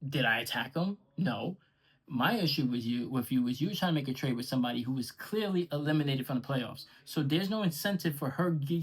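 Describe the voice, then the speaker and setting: A man's voice: a little high, breathy edge, rough recording. A man speaking straight to his audience in a heated, profane and sarcastic rant aimed at a rival podcaster. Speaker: podcaster and vlogger. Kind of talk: angry direct-to-camera rant.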